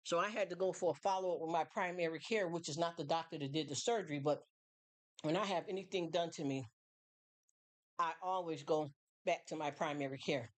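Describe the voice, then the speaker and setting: A woman with a somewhat low voice chats casually through a live stream monologue. She rambles and circles back, filling gaps with "you know" and restarting her sentences, like she is talking with a friend. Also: brisk. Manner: chatty, rambling, many fillers and restarts; acts out other people's voices in quotes.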